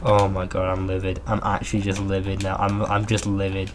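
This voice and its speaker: A man's voice: sits low, monotone, a little fast, noisy background. A man giving casual gameplay commentary, swearing freely and chatting to his in-game pet. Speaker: gamer. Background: clear background music.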